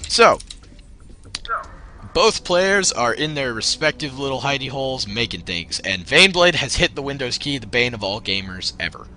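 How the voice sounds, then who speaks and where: A man's voice: medium pitch, sing-song, moderate pace, sharp tone. A young man casting a live video game match, chatty and joking, with frequent ums. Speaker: esports caster. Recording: faint background noise.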